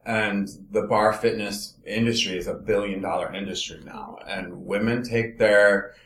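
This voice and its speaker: A man's voice: on the low side, fairly even intonation, unhurried, fairly bright tone, roomy sound. A man from Los Angeles, a dance company director, explaining his product in a casual interview chat, enthusiastic and step by step.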